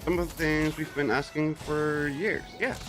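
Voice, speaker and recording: A man hosting a gaming stream, chatting casually and reacting with quick exclamations while he plays. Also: fairly high pitch, steady tone, music in the background.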